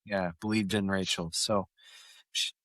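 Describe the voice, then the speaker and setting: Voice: low-pitched, little pitch movement, a little slow, fairly bright tone, no echo, clean studio sound. A podcast co-host in a casual recap chat, laughing often and acting out quoted lines while retelling scenes. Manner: acts out quoted lines in changed voices.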